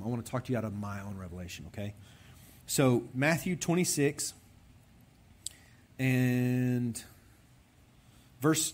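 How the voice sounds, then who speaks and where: Young male preacher, husky, highly animated delivery that swings up and down, talks straight to the men in the room. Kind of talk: conversational sermon.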